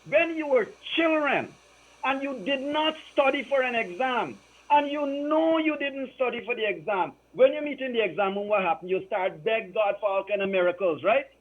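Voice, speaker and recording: A man's voice: extremely high pitch, animated, moderate pace. An emotional man giving emphatic, repetitive political commentary over a phone line. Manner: emphatic, repeats phrases for emphasis. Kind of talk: impassioned political talk.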